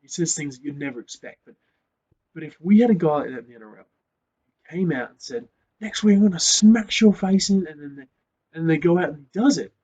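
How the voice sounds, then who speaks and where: A man hosting a casual sports rant, swearing often and growing loud and worked up. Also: on the high side, lively intonation, fast, slightly rough. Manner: swears a lot, gets loud and fired up. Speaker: host. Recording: slightly dull lo-fi sound.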